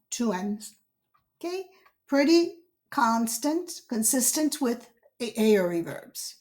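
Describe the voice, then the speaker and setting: Slow, patient woman teaching grammar. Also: on the high side, sing-song, darkish tone. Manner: patient, drills conjugations one word at a time. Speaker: language teacher. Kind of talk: slow instructional voice-over.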